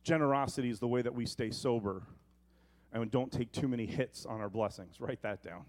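A middle-aged male pastor delivering a sermon, moving between loud emphatic preaching and quiet, conversational storytelling. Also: medium pitch, normal speed, long pauses.

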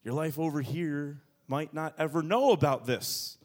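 A man preaching a sermon as pastor, moving between quiet low asides and loud, high bursts of emphasis. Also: a little slow. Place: church.

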